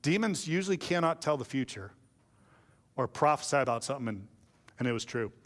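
A man's voice: mid-range voice, lively intonation, a little fast, fairly bright tone, in a large hall. A male pastor preaching a sermon in a casual, joking storytelling way.

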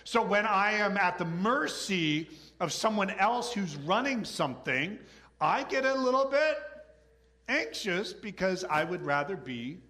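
A middle-aged man preaching a sermon in a lively, conversational way, often acting out quoted voices. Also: a little high. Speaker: pastor.

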